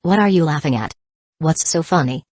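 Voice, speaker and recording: A woman reading the lines of a brash, impatient zealot man in a low, dry voice, with blunt, snapping demands. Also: expressive, normal speed, darkish tone, dry recording. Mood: defiant.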